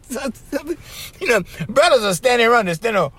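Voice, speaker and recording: A man with a Hawaiian Pidgin accent hosting his podcast, telling stories in a loose, laughing, animated way. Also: high-pitched, a little fast. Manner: animated, laughs often, says bro constantly. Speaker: podcast host. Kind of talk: casual storytelling monologue.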